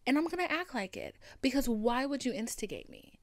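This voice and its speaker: A woman's voice: high voice, expressive, fairly quick, no echo. Dramatic, profane young woman vlogger. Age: 20s. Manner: dramatic, profane, swings from hushed to loud. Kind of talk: casual storytime to camera.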